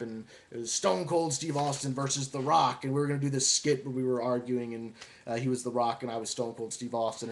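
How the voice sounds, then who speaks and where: A young man talking casually, introducing his impressions with relaxed, chatty asides. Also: mid-range voice. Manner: relaxed, chatty, hesitant with fillers. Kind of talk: casual video monologue.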